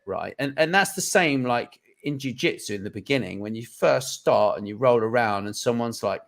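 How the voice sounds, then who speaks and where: A man's voice: medium pitch, animated, normal speed, creaky, few pauses, a bit bright. A man in casual conversation, talking earnestly with many restarts and a habit of asking "right?". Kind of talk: casual chat.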